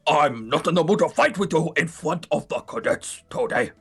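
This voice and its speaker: A man's voice: a little high, expressive, normal speed, a bit bright, breathy edge. A man voicing a stern, disapproving male military major in a visual novel read-through.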